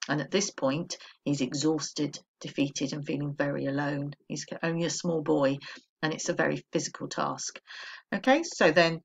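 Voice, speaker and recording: A woman primary school teacher with an English accent, giving a recorded remote lesson in a clear, patient, instructive way. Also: deep voice, steady tone, normal speed.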